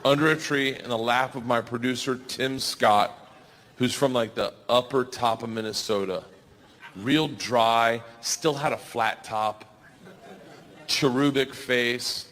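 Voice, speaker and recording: Man, 40s, stand-up comedian, animated storytelling, long hall reverb, faint crowd ambience. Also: mid-range voice, slow, slight background noise. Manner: animated, yelling punchlines. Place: large comedy venue.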